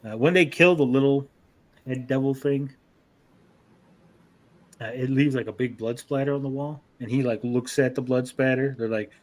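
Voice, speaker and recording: A man's voice: medium pitch, steady tone, moderate pace. A man co-hosting an anime podcast, casually recapping episodes in a rambling, profane way and acting out characters' lines.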